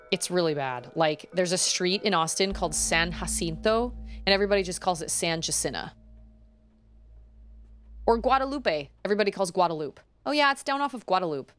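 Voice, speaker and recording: Woman streamer rambling over a game, kinda low voice but really bouncy, giggles a lot, bit of game music underneath. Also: a bit bright. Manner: chatty and giggly, rambling tangents. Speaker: gaming streamer. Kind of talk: casual let's-play commentary.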